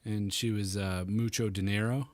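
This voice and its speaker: A young man hosting a casual gaming podcast, joking around in a relaxed way and laughing often. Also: fairly low pitch, moderate pace, dry recording. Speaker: podcast host.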